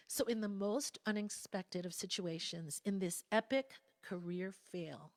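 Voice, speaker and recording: A woman speaking at a spiritual gathering, telling a candid personal story in a reflective, conversational way with soft asides. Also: mid-range voice, measured pace, few pauses, no echo. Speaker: guest speaker.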